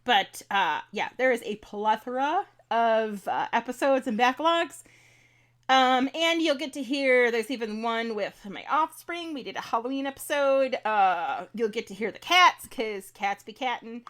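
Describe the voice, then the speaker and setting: A woman's voice: on the high side, a little slow, a bit bright. A woman co-hosting a podcast, bubbly and laughing through casual banter. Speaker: podcast co-host. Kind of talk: casual chat.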